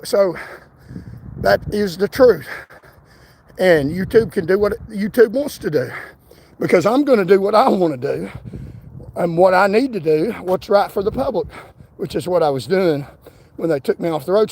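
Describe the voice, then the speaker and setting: Man, high voice, defiant livestream rant, outdoors walking. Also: lively intonation, moderate pace, a little mellow. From Tennessee. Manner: defiant, repetitive. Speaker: political livestreamer.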